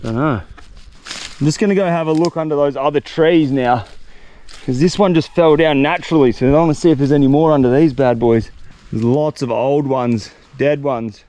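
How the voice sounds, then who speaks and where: A young man, chatting excitedly and slangily to the camera while exploring a tropical jungle outdoors. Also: on the high side, moderate pace. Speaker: survival vlogger. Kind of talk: solo outdoor vlog narration.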